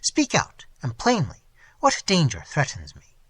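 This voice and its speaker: A man's voice: a little high, wildly swooping pitch, normal speed, bright, forceful tone, husky, exaggerated voice. A man voicing a proud, scornful prince who speaks in an imperious, archaic way. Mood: indignant.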